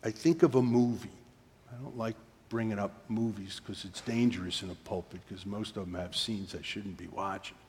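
A man's voice: lowish voice, steady tone, moderate pace, darkish tone, big-room sound. A man preaching a sermon from the pulpit in a storytelling way, often dropping to a near-whisper. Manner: storytelling, drops to near-whisper for quoted moments. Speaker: pastor. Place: church sanctuary.

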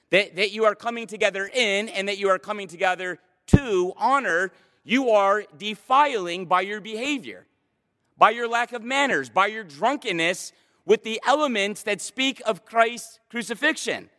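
A man's voice: high voice, animated, normal speed, bright, forceful tone. A man preaching a sermon from a church stage, speaking with passionate emphasis. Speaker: pastor. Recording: long hall reverb.

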